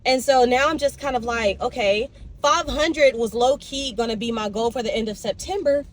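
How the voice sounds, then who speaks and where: Her voice sits on the high side and she keeps a normal pace, though the audio quality is poor. This young woman chats casually for her vlog from her car and a convenience store, expressive and animated, with plenty of ranting and swearing.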